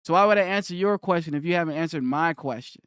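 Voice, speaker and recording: A man's voice: a little high, fast, fairly bright tone, clean tone, no echo, studio quality. A young man on a live stream who argues with his chat, repeats his challenge and reads their comments aloud.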